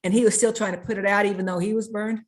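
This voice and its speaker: Speaking quickly in a steady, medium-pitched voice, a woman interview guest earnestly recounts a story. She chains her clauses together with repeated "and."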